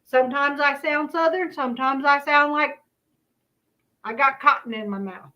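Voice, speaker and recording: A woman's voice: high voice, moderate pace, pushed and bright, low-quality recording. A woman from Kansas hosting a casual commentary stream, chatty and folksy with laughing asides. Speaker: host.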